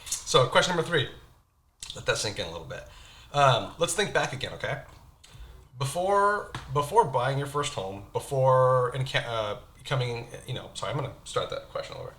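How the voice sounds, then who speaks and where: A man's voice: medium pitch, expressive, normal speed, fairly bright tone. A man hosting a casual interview over spicy wings, chatty, laughing often and restarting his questions. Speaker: host, real estate agent. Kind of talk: casual hot-wing interview chat.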